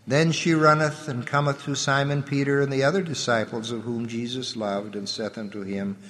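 A man giving a solemn, measured scripture reading, letting his voice drop at the ends of phrases. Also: medium pitch, fairly bright tone. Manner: measured, reverent delivery with the voice dropping at phrase ends. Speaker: scripture reader. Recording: long hall reverb.

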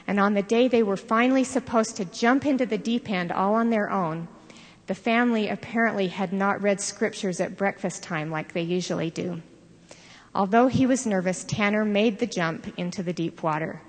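An older woman giving a sermon, telling stories in an earnest, measured way. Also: medium pitch. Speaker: devotional speaker. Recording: long reverb of a large hall.

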